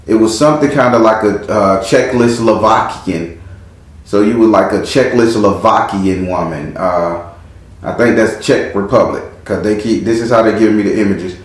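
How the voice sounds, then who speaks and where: Low-voiced man reading tarot in an echoey room. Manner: relaxed, chanting repeated words while reading cards. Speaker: tarot card reader. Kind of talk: casual spiritual reading.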